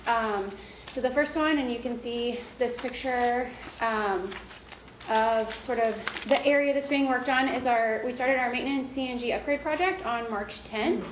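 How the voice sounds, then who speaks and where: A woman's voice: a little high, unhurried. A woman presenting a transit performance report at a board meeting, walking through slides. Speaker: transit agency staff presenter. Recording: echoey room with background noise.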